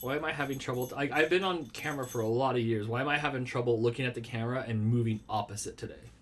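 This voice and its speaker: A man with a medium-pitched voice talks at a racing pace while hosting a casual live stream from a small room at home with a red wall and lava lamps. He rambles playfully, answers viewer comments, and jokes about himself.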